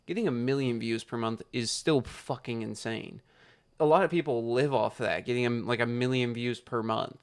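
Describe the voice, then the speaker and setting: A young man with a gravelly, creaky voice rants into his camera late at night. He rambles, gets worked up and swears freely, talking casually to his viewers. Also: mid-range voice, steady tone, moderate pace. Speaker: YouTuber.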